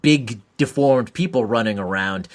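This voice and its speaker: A man's voice: mid-range voice, moderate pace. A man co-hosting a podcast in casual chat, blunt and heavy on swearing. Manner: profane, blunt, laughs at own jokes. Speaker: podcast co-host.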